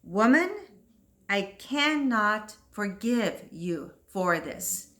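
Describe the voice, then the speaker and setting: A woman reads as an anguished priest, a man torn between bitterness and forgiveness in an old New England tale. The delivery is slow and bright, reproachful and grave, read plainly from the page. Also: medium pitch, expressive.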